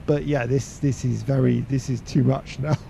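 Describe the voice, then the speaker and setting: A man chatting casually on a flight sim live stream, talkative and quick to laugh. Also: mid-range voice, fairly even intonation, creaky, warm tone, slight background noise. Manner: chatty, laughs easily, uses slangy exclamations.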